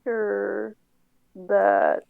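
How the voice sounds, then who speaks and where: A woman co-hosting a podcast in casual chat, explaining things at length in a relaxed, self-deprecating way. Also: medium pitch, drawn-out words, creaky, no echo, narrow, tinny audio. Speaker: podcast co-host.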